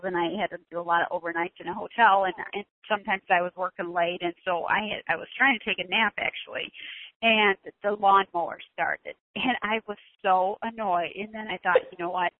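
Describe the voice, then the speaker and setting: A woman's voice: medium pitch, no room sound. A woman telling a chatty personal anecdote in a group call. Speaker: community call participant. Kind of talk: casual storytelling in a group call. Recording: dry phone-line audio.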